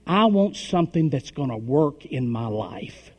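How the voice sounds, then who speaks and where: A middle-aged man preaching a sermon, emphatic, with call-and-response and swings between loud and soft. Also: on the high side, big pitch swings, unhurried, breathy edge, muffled recording. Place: church hall. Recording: long hall reverb.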